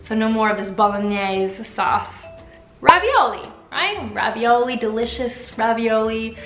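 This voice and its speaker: A woman's voice: a little high, measured pace, reverberant, soft background music. An American woman in young adulthood, chatting to camera as a vlogger in an upbeat, playful way. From United States. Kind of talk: casual talk to camera.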